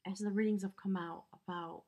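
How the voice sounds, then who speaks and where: A woman's voice: mid-range voice, steady tone, a little fast, darkish tone. A woman giving a spiritual tarot reading, earnest and emotional, rambling with fillers. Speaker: tarot reader.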